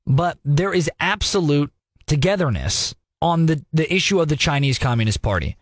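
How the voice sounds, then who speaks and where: A young man hosting a radio news talk segment, giving sarcastic, animated commentary with mocking asides. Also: a little high, moderate pace, dry recording.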